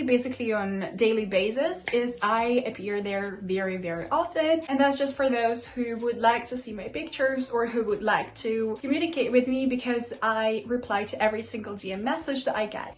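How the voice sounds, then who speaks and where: High-voiced teen girl vlogger. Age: teens. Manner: chatty, loose, with fillers like "basically". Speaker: language vlogger. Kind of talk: casual talk to camera.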